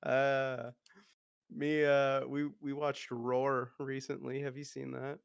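A man co-hosting a podcast in casual chat, halting with fillers and laughing easily. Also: medium pitch, flat delivery, creaky, clean tone, no echo, clean studio sound. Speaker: podcast co-host.

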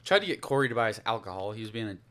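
A man's voice: lowish voice, very animated, racing, fairly bright tone. A young man co-hosting a casual podcast, telling a story in a rambling way and losing his thread. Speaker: podcast co-host.

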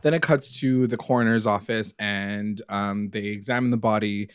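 A man's voice: fairly low pitch, moderate pace, clean tone, no room sound, studio quality. A young man casually recapping a TV episode on a podcast, rambling with lots of fillers and the odd swear word. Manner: rambling, filler-heavy, animated retelling with swearing. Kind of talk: casual chat.

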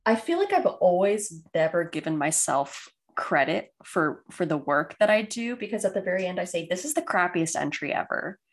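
A woman co-hosting a podcast in casual chat, self-deprecating and quick to react. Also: lowish voice, sing-song. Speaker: podcast co-host.

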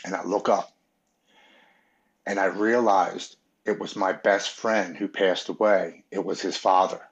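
A man from Maryland, a podcast guest, telling his own recovery story in an earnest, halting, emotional way. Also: sits low, steady tone. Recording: dull, muffled audio.

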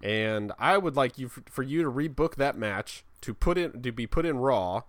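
Guy with a really lively up-and-down voice, joking around about wrestling, dry room. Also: mid-range voice, dry recording. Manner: lively, jokey, quick to laugh. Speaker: podcast co-host. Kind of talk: casual wrestling chat.

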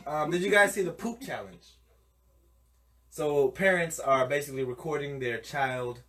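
A man co-hosting a podcast in casual chat, animated and laughing often, jumping into high squealing impressions. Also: normal speed. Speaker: podcast co-host. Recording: distant mic with faint noise.

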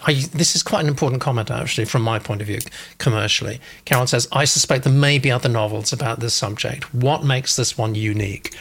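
A male host with a mid-range voice briskly reads out viewer comments. He often hesitates with ums and uhs between them. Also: medium pitch, fairly bright tone. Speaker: host, literary agent.

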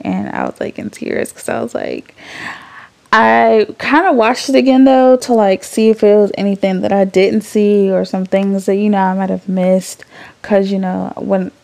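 Gravelly, warm-voiced young woman podcaster. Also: mid-range voice. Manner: candid and emotional, swears freely, rambling with fillers. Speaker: podcast host. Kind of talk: casual chat.

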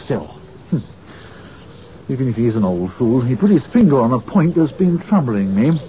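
An actor playing an earnest, eager gentleman sidekick who exclaims often. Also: mid-range voice, sing-song, normal speed, dull audio, a little hiss or hum, lightly acted.

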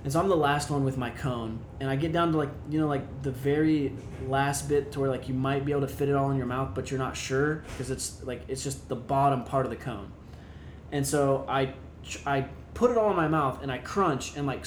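A young man tells a story in a relaxed, chatty way and keeps stacking up little filler words as he goes. His voice sits at an ordinary pitch, and the room around him sounds echoey, with a faint low rumble underneath. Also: a little fast. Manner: rambling, many fillers, animated retelling. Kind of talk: casual storytelling chat.

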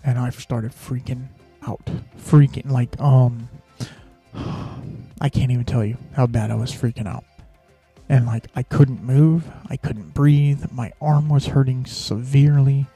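A man's voice: mid-range voice, fairly even intonation, a little slow, warm tone, breathy edge, soft background music. A man hosting a podcast, telling a personal story in a rambling, casual way, full of fillers and restarts. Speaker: podcast host.

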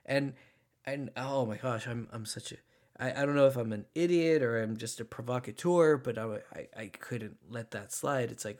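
Casting: man, casual storyteller, emphatic and animated, stumbling restarts. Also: mid-range voice, moderate pace. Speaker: former social worker telling a story.

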